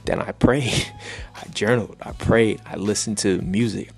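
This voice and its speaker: A man's voice: on the low side, creaky. A man giving a personal faith testimony to camera, earnest and reflective, repeating phrases as he builds feeling, over faint music. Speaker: faith vlogger sharing a testimony.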